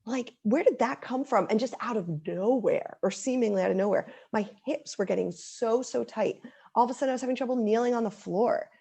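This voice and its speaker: Earnest woman in her thirties, gravelly edge. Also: a little high, fairly quick, mellow. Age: 30s. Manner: earnest, heartfelt, full of likes and ums. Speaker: guest. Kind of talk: casual interview chat.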